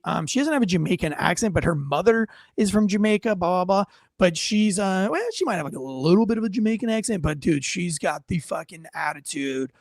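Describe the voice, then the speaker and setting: Middle-aged male host, high-pitched, dry close sound, loose profane storyteller. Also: no room sound. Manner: rambling storyteller, swears freely, acts out quotes. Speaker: host, former police officer. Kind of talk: casual livestream chat.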